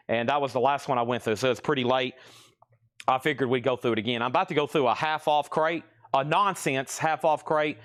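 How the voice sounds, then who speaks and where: A man's voice: medium pitch, a bit bright, no echo, clean studio sound. Breathless man calling live record sales. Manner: brisk, rattles off titles and prices. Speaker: host selling vinyl records live.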